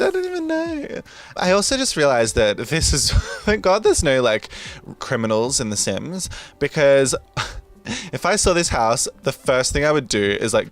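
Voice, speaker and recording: Gushing man, lively pitch. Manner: chatty, rambling, gushing, giggly. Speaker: gaming video host. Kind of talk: casual voice-over over gameplay.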